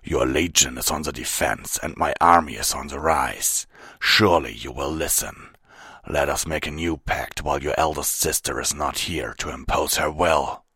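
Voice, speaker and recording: A man's voice: extremely low pitch, normal speed, bright, forceful tone, husky, no echo, studio quality, exaggerated voice. A man voicing a huge, menacing male wolf king who growls and snarls his commands. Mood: scheming.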